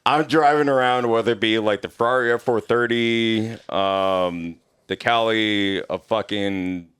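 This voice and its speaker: A man's voice: on the low side, fairly even intonation, unhurried, a bit bright, clear, resonant tone. A man telling a story as a podcast guest, rambling and full of swearing. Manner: profane, rambling, heavy on filler like. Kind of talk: casual storytelling.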